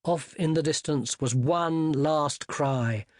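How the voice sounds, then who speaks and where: An audiobook narrator giving lively scripted narration of a comic fantasy novel. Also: medium pitch, slow, hardly any pauses, no room sound, clean studio sound.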